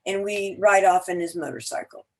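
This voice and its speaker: A woman, an actor guesting on a podcast, telling long animated stories in casual chat. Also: on the low side, moderate pace. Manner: chatty, animated storyteller.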